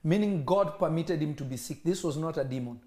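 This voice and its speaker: Man, preacher, high voice, animated sermon storytelling. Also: a little fast. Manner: animated storytelling, acting out dialogue.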